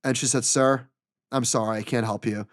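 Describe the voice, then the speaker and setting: A man in middle age tells a story on a podcast, exasperated and animated, playing every part of the exchange himself. His voice is of middling pitch. The sound is dry and close, with little room around it. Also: normal speed, dry recording. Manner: animated, exasperated retelling with quoted dialogue. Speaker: podcast co-host. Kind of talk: casual storytelling chat.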